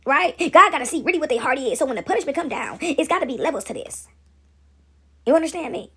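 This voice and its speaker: A woman's voice: sits high, expressive, fast talker, a bit bright. A woman vlogger in a casual faith chat, rambling and preachy, talking straight to her viewers.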